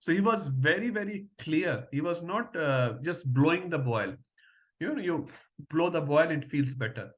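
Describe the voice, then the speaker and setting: Man teaching scripture, higher-pitched. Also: animated, moderate pace. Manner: storytelling, often adds a questioning "huh?". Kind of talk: devotional scripture lecture.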